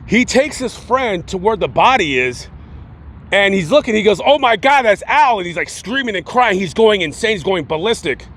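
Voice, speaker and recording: A man casually retelling a true-crime story, rambling and acting out the quotes in animated voices. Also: high voice, moderate pace. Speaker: YouTube storyteller.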